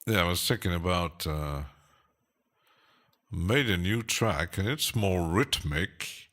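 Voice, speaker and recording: A man's voice: sits low, animated, takes it slowly, fairly bright tone. A man casually chatting on a live stream while producing music, rambling and hesitant, often laughing to himself.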